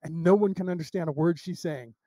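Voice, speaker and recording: A man being interviewed, telling rambling, animated stories full of restarts and asides. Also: a little high, a little fast, dry recording. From United States. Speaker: interview guest. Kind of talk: casual storytelling interview.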